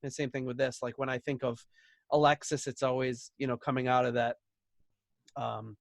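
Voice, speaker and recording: A man's voice: mid-range voice, flat delivery, moderate pace, creaky, no room sound. Chatty man with a dry close sound. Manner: chatty and rambling, laughs easily. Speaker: podcast host. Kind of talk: casual album review chat.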